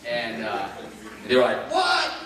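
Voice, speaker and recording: A middle-aged man from Ohio giving a keynote talk, telling his story with lively acted-out quotes. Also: mid-range voice, fairly quick. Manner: animated, acts out quoted voices. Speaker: keynote speaker. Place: large conference hall. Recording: echoey hall, heard from far off.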